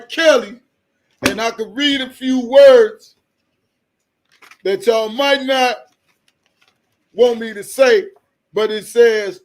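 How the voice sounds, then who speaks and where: A man with a strikingly high voice hosts a casual live stream. He talks slowly and loosely, jokes a lot and keeps breaking into laughter.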